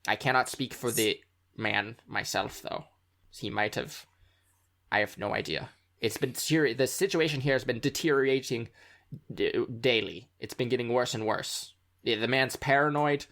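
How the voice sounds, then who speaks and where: A man's voice: mid-range voice, normal speed, fairly bright tone, close to an everyday voice. A man doing a formal, earnest rebel contact. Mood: grave. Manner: stiff, formal, faintly transatlantic delivery. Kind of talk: tabletop role-play character voice.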